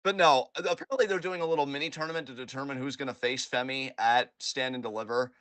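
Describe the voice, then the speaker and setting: A man co-hosting a wrestling podcast in casual chat, animated and profane, often acting out imagined dialogue. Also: medium pitch, quick pace, no room sound.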